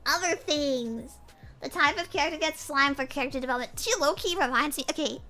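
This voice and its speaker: A woman's voice: high-pitched, brisk, bright, forceful tone, soft background music. A young woman streaming casually, rambling and giggling as she reads chat aloud. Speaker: pirate cat vtuber streamer.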